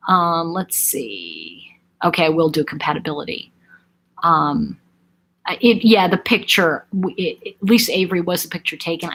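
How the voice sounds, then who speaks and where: Through poor audio, a middle-aged woman with a lowish, fairly bright voice and a breathy edge chats casually on a live stream. She reads viewers' comments aloud, often pausing on "um" and restarting to correct herself.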